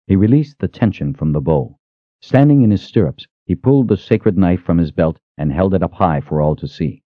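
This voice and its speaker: A man narrating an audiobook with dramatic, expressive storytelling. His voice sits a little low and moves a great deal in pitch. The recording is dry and slightly dull. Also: normal speed, no room sound. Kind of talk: scripted narration.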